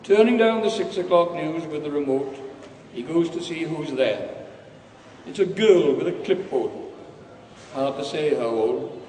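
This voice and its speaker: A man's voice: fairly high pitch, lively intonation, measured pace, long pauses, darkish tone, a little hiss or hum. Man reading in an echoing hall. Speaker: author reading his story. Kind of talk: live reading of a comic story. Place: large hall, live reading. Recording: echoey hall from far off.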